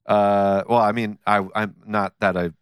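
A man's voice: fairly low pitch, level tone, a little slow, clear, resonant tone, no room sound, clean studio sound. A young man hosting a casual comedy podcast, rambling and laughing, often trailing off mid-thought. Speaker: podcast host. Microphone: studio mic.

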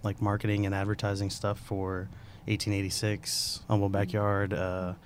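A man talks about his work as a guest on a casual show, halting and filling pauses with ums. His voice sits fairly low. Faint background noise hums behind him. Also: monotone. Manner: hesitant, halting, many fillers. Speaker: guest artist. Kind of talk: casual chat.

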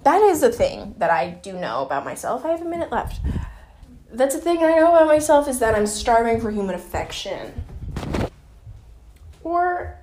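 A woman's voice: a little high, darkish tone, slight background noise. Heated, swearing young woman podcaster. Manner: swearing, venting, gets heated; rambling, self-questioning. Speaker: podcast host. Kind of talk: casual solo podcast rant.

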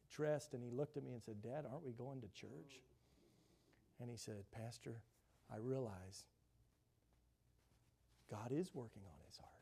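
A male pastor preaching a sermon, telling a story and quoting the people in it, sometimes dropping to a hush. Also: medium pitch. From grew up in a big city. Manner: storytelling, quoting others in shifting voices, drops to a hush.

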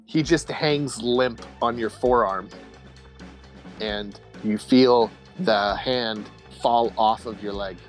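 A young man narrating a tabletop game as game master, relaxed and descriptive with fillers. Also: on the low side, takes it slowly, soft background music.

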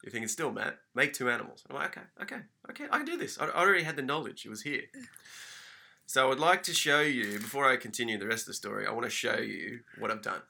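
A man co-hosting a casual podcast, telling a story in an animated, sweary, mock-furious rant. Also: mid-range voice, quick pace, creaky. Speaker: podcast co-host.

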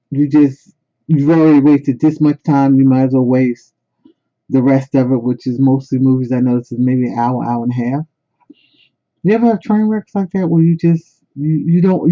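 A man chatting as a book blogger in a casual book and movie review, emphatic and repeating phrases for stress. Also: on the high side. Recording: tinny phone-like sound.

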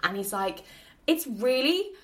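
Animated, sweary woman. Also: fairly high pitch, measured pace, a crowd in the background. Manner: animated, swears freely, acts out scenes. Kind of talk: casual film review chat.

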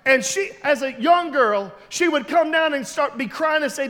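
A pastor with a strikingly high male voice delivers a sermon. He tells stories from the pulpit and rises to loud, emphatic shouts. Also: moderate pace, few pauses, long reverb tail. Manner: storytelling preacher, builds to loud emphatic shouts.

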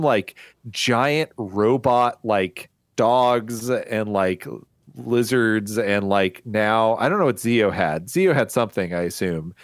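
A man's voice: medium pitch, dry recording, studio quality. A man hosting a podcast in casual chat, retelling scenes with frequent laughter. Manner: laughs often, animated retelling. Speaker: podcast host.

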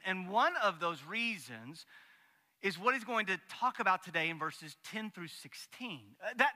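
Preaching in a church sanctuary, this man has a voice that sits high with a sharp edge. He delivers his sermon in a folksy, joking way, turning to the congregation with asides and performing character voices in his stories, all under a long hall reverb.

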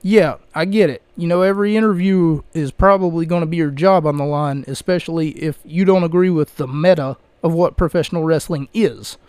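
A man's voice: on the high side, a little fast, hardly any pauses, a little mellow, clear, resonant tone, no echo. A man hosting a podcast, talking casually and rambling with lots of fillers into a close microphone. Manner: rambling, chatty, frequent fillers. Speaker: podcast host. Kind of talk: casual solo commentary.

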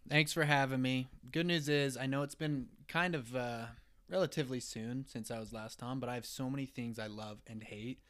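A man's voice: medium pitch, moderate pace. A man talking as a guest on his brother's podcast, playful and chatty. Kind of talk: casual chat.

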